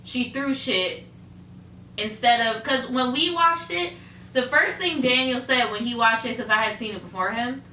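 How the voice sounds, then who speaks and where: A woman's voice: a little high, moderate pace, bright, forceful tone. A woman co-hosting a casual podcast, chatting loosely with plenty of swearing and laughter. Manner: loose and profane, laughs often. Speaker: podcast co-host. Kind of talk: casual chat. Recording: roomy, distant mic, faint hiss.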